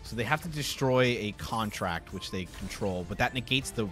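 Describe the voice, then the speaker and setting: Excitable man commentating card game replays. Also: fairly low pitch, normal speed. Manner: excitable, bursts into laughter. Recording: faint background music.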